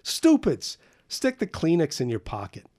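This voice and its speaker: A man voicing a gruff, nosy male building janitor who scolds loudly. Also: fairly high pitch, sing-song, moderate pace. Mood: scolding. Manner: blunt, scolding, loud.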